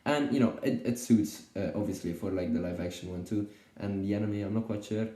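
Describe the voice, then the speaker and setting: A man's voice: fairly low pitch, brisk, warm tone, roomy sound. A man giving a casual unscripted video review, rambling and hesitant, with many fillers and restarts. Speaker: YouTube reviewer.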